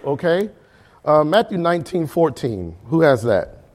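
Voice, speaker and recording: A man's voice: a little high, big pitch swings, measured pace, darkish tone. A man leading a Bible study class, asking the group questions, checking in often and repeating words for emphasis.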